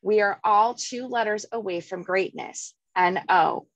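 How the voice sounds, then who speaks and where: A woman real estate team leader coaching her agents, telling stories with lively acted-out quotes. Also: mid-range voice, a little slow, no room sound, low-quality recording. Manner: energetic storyteller, acts out voices. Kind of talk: coaching class, reading and storytelling.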